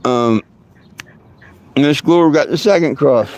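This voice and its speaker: A man on the high side of pitch, speaking a little slowly with a darkish tone, hosts his own livestream over slight background noise. His chat rambles casually, packed with fillers and restarts, and he chuckles often.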